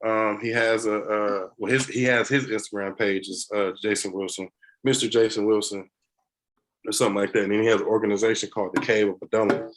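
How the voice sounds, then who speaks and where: Animated, laughing man telling stories. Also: on the low side, fairly quick, rough recording. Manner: animated storyteller who laughs often and acts out quotes. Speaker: podcast guest, barber. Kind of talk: casual podcast conversation.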